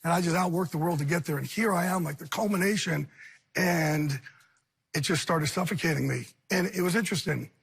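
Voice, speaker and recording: A man, a guest on a talk show, talking candidly and earnestly in intense rushing bursts. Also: on the high side, creaky, fairly bright tone, slightly rough.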